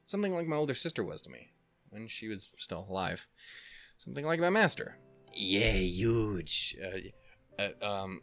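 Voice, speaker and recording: Over soft background music, a fairly low, bright voice comes through animated and forceful, at a slightly slow pace. He's a let's player voicing a visual novel's text on his channel, sprinkling in profane, self-deprecating rambles as casual commentary.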